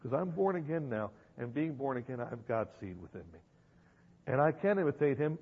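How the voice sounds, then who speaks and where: Very animated and brisk, a man with a mid-range, slightly rough voice preaches emphatically to a church hall audience, repeating phrases and firing off rhetorical questions. The dull lo-fi recording carries the hall's reverberation.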